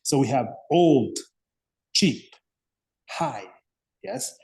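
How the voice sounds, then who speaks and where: A man's voice: mid-range voice, sing-song, extremely slow, gravelly, a little mellow, breathy edge. A man teaching an English grammar lesson, patiently repeating words and checking understanding with frequent "okay?" and "yes?".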